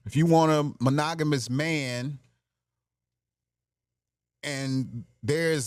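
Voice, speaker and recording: Male podcast host, brash comic monologue, slightly high voice, dry close sound. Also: takes it slowly, dry recording. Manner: brash, joking, laughs at his own bits. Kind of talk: casual comedic monologue.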